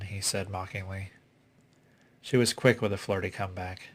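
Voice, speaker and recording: Man, audiobook narrator, low voice, flat and steady. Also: moderate pace. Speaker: reader.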